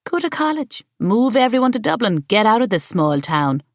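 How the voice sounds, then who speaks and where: A woman voicing a cool, pushy landlady who presses a deal in a brisk, businesslike way, in an audiobook. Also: fairly high pitch, big pitch swings, dry recording, studio quality, voice pushed up.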